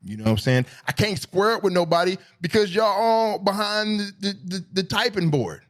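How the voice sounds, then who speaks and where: A middle-aged man hosting a solo podcast, talking casually in a rambling, profane, animated way. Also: normal speed. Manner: animated, profane, rambling, swings between high and low pitch. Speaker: podcast host.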